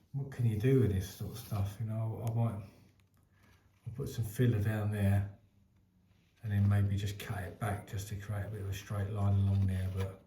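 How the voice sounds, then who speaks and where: A man's voice: fairly low pitch, reverberant. A man, a plasterer talking casually to camera and muttering to himself as he works. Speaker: plasterer and decorator. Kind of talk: casual working vlog chat. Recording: loud noisy outdoor ambience, traffic.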